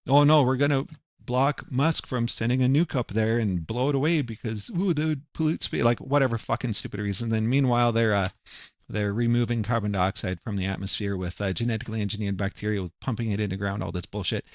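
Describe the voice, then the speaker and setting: A man's voice: mid-range voice, brisk, no room sound, lo-fi sound. A man ranting angrily in a profane, mocking monologue. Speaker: commentator. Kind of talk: angry monologue.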